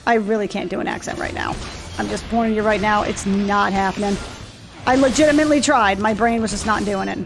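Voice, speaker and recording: A woman's voice: mid-range voice, fairly quick, gravelly. A woman streamer giving casual, chatty let's play commentary, swearing freely and sounding tired, over faint game music. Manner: chatty, swears a lot, says she is tired. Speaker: gameplay streamer.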